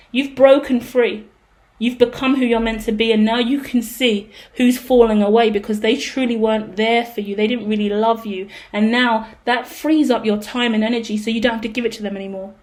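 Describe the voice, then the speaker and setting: A woman giving a casual tarot reading in a high voice. She talks bluntly and swears freely, with dramatic outbursts. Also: a little mellow. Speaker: tarot reader.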